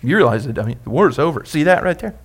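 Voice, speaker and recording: A male pastor preaching a sermon, emphatic and repetitive, asking the congregation questions and building phrases up, then dropping them low. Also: very animated, very fast, breathy edge. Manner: repeats and builds phrases, rising and dropping loudness.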